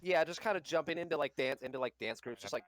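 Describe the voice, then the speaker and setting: A man with a fairly high voice speaks quickly, a crowd audible behind him. He's a tabletop game player describing his character casually, wandering through his explanation with many restarts and fillers.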